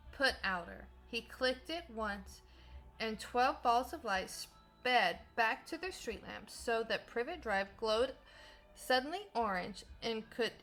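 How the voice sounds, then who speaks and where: A woman teacher reading a novel aloud for students, slowly and carefully, with small slips now and then. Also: fairly high pitch, fairly bright tone.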